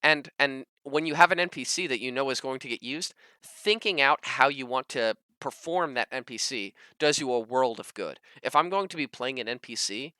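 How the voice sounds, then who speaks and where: A man co-hosting a casual panel chat as a dungeon master, talking in an animated, emphatic way with lively jumps in pitch. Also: moderate pace, smooth, dry recording. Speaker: podcast co-host, dungeon master.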